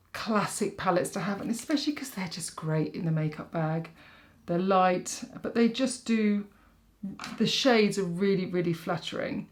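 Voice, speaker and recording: A woman talks her way through a makeup tutorial, chatting loosely as she works. She rambles and pokes fun at herself, in a middle-pitched, everyday voice. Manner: rambling, self-mocking, talks while working. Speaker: makeup artist.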